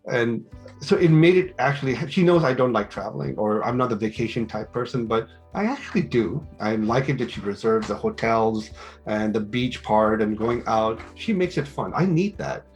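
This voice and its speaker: A middle-aged man who teaches business talks through advice in a relaxed interview. He tells stories, acting out both sides of each conversation. Faint music plays quietly under his voice. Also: mid-range voice. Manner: animated storytelling with quoted dialogue. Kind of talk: casual interview talk, giving advice.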